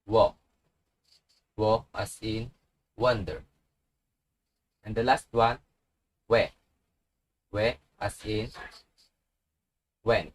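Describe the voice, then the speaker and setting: Slow-paced man teaching letter sounds. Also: lowish voice, steady tone, low-quality recording. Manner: slow, repeats each sound with example words. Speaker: language teacher. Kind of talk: slow instructional tutorial.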